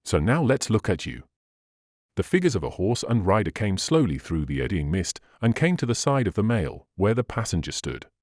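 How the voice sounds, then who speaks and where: A man narrating a classic novel as an audiobook, in a measured, expressive reading. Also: on the low side, no room sound, studio quality.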